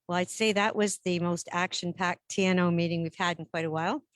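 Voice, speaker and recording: A woman chairing a regional council meeting in a brisk, procedural way, switching between English and French. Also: lowish voice, steady tone, dry recording. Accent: Canadian French-English bilingual.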